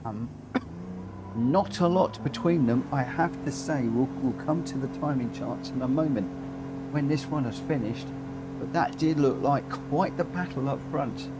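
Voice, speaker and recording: A man hosts a live racing game stream in an excitable, rambling way, his mouth running ahead of his brain. His voice sits at an ordinary middle pitch. Faint car noise hums quietly behind him. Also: measured pace. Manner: excitable and rambling, stumbles over words.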